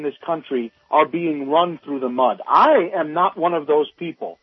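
Heated caller on a tinny phone line. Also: male voice, on the high side, breathy edge, no room sound. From northern United States. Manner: halting, many restarts, heated. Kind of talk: call-in radio comment.

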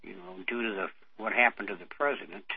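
A man's voice: fairly low pitch, fast, creaky, a little hiss or hum. An older man co-hosting a radio show, reminiscing in a rambling way with many fillers. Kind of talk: casual radio chat. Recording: dull dry radio audio.

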